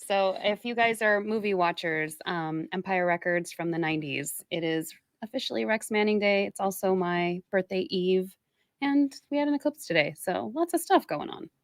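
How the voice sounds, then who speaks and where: A woman's voice: mid-range voice, moderate pace, no echo, studio quality. A woman co-hosting a podcast in casual chat, wry and playful, laughing easily. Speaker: podcast co-host.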